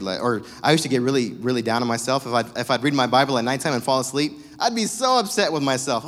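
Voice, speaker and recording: A man's voice: mid-range voice, fast, few pauses, a bit bright. A young man preaching a sermon in a casual, joking, conversational way. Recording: long reverb of a church hall.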